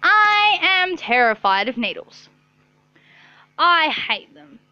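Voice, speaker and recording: A woman's voice: very high voice, big pitch swings, takes it slowly, lo-fi sound. A young woman telling a rambling story to her camera in her bedroom, swearing often and saying "like" a lot. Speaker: vlogger. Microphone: own camera.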